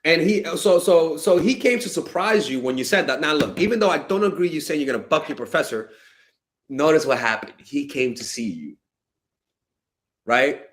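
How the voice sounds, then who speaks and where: A man's voice: fairly high pitch, expressive, normal speed, a bit bright. A man giving blunt, exasperated dating advice in a casual monologue, swearing and exclaiming as he answers viewer questions. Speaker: dating coach.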